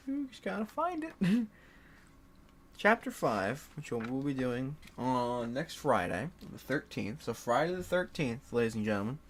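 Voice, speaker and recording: A man's voice: mid-range voice, a little hiss or hum. A young man casually commentating his solo board game play, swearing, laughing and talking to his game pieces.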